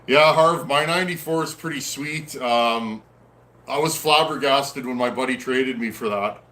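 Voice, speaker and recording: A man hosting a casual livestream, reading out viewer comments and chatting in a friendly, easygoing way with frequent pauses. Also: mid-range voice, pushed and bright, slight background noise. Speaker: host of a livestream on chainsaw repair. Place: at home in a snowy area.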